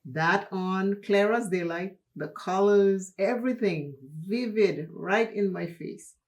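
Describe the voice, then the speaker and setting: A woman from Dominica, hosting a makeup tutorial and telling a personal story in an unhurried, chatty way. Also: medium pitch. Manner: unhurried, chatty, laughs while telling stories. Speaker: makeup channel host.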